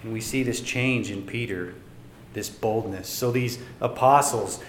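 A male pastor preaching a sermon, swinging between loud emphatic lines and quiet asides. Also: medium pitch, a little hiss or hum. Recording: echoey room with faint ambience.

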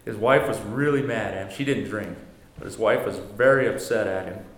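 A man's voice: on the low side, normal speed. Man teaching a church Bible class. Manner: conversational, self-correcting, joking. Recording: echoey room, faint noise.

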